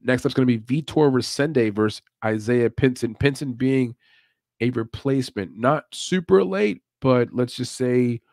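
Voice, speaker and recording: A man's voice: medium pitch, a little slow, a little mellow, no echo. Laid-back man hosting live. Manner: laid-back, chatty, laughs often. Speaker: podcast host. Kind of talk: casual live commentary.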